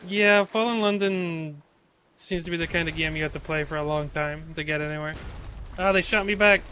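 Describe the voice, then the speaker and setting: A man's voice: on the high side, moderate pace, pushed and bright, slight background noise. A man streaming a video game live, reading its text aloud and reacting with sudden swearing.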